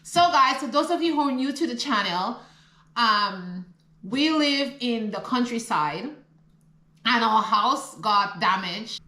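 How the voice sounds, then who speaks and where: A woman's voice: fairly high pitch, animated, takes it slowly, sharp tone, roomy sound, rough recording. A middle-aged woman from the Caribbean with a Caribbean accent, chatting animatedly in a casual vlog and laughing often. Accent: Caribbean English. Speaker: vlogger. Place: rural home in the countryside.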